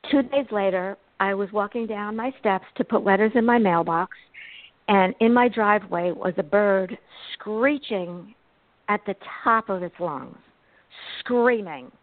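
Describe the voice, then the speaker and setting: A woman's voice: medium pitch, unhurried, no echo. A woman guest, a psychic medium, telling stories animatedly in an interview. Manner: animated, expressive storyteller. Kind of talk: interview storytelling. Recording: tinny phone-like line, dry.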